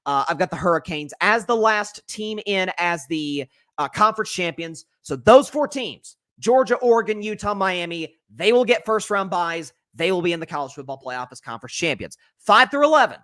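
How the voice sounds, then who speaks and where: A young man runs his own sports podcast. He talks in an energetic, opinionated way, full of fillers and self-corrections. The sound is dry and close, with no room echo. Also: sits high, normal speed. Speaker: podcast host. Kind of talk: solo sports commentary podcast.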